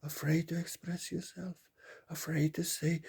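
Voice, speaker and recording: Husky, mellow-voiced male spiritual teacher. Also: mid-range voice, unhurried. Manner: repetitive, emphatic, rising to loud bursts. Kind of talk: spiritual talk.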